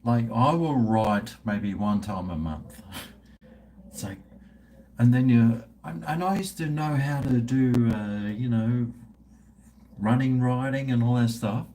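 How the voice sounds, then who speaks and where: Slow, rambling man. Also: mid-range voice, dark tone, slight background noise. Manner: rambling and profane. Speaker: livestream host. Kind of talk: casual chat with viewers.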